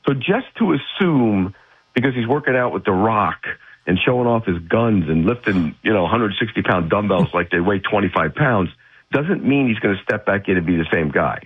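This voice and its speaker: A man's voice: on the low side, animated, moderate pace, husky. A man speaking as a guest football analyst on sports radio, blunt, opinionated and emphatic, heard over a phone line.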